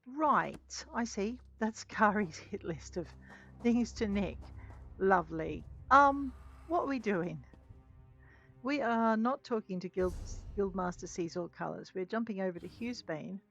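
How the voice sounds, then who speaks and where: Here a woman narrates her gameplay in a chatty, self-mocking way and responds to the game's characters. She speaks a little slowly, her medium-pitched voice gravelly yet fairly bright. Game music plays under a dull, lo-fi recording.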